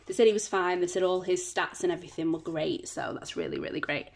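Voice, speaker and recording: A woman with a fairly low voice talks casually through her budget at home, counting notes aloud in an easy, steady patter. A faint hiss sits under the recording. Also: fast talker. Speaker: budgeting vlogger. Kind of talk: casual chat while counting cash.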